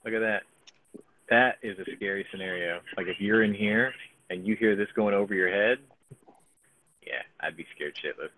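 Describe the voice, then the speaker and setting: A man's voice: on the low side, normal speed, long pauses, bright, forceful tone, slight background noise, low-quality recording. A man giving casual, profane live commentary on his own gameplay, thinking aloud as he plays. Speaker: gaming streamer.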